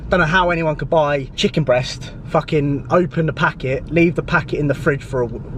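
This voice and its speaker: A man's voice: mid-range voice, background noise. A young man chatting casually in a vlog. He rambles, swears constantly and drops matey slang. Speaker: bodybuilding vlogger.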